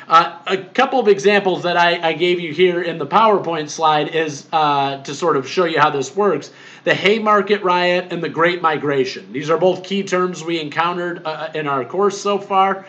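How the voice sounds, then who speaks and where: A man with a fairly high voice lectures on exam expectations as a history instructor. He explains plainly and with emphasis, repeats himself often, and fills gaps with "uh" and "um." The recording sounds muffled and lo-fi. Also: normal speed, fairly bright tone.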